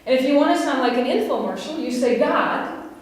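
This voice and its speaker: A West Virginian woman preaches to her congregation in a chatty, questioning way, with a fairly high voice. She is recorded from a distance in a church sanctuary, and the long reverb of the hall hangs on every phrase. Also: expressive, fast, darkish tone. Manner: conversational, laughs and asks the congregation questions. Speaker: pastor. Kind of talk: sermon.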